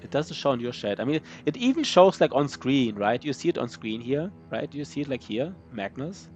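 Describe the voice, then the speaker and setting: A man's voice: mid-range voice, sing-song, moderate pace, a little mellow, lo-fi sound, faint music behind. A man streaming a strategy game live, answering his chat in a loose, rambling way with many fillers and restarts. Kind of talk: casual live-stream chat while gaming.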